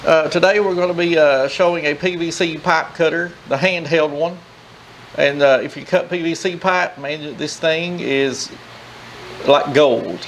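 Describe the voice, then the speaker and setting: A man's voice: on the high side, slight background noise. A man hosting a tool review channel, talking in a casual, rambling, crude joking way.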